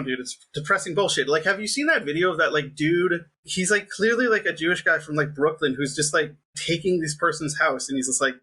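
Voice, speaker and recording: A man's voice: fairly high pitch, pushed and bright, slightly rough. A young man in casual conversation, rambling with constant fillers and sounding frustrated. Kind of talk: casual political chat.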